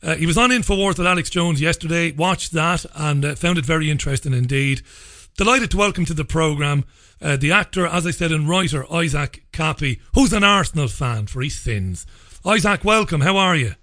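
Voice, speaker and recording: An Irish man in middle age hosts a radio interview in a measured, deliberate voice that sits a bit high for a man. He often restarts his sentences as he works toward a point. The sound is dry and close, with no room around it. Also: sharp tone, no echo. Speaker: radio host.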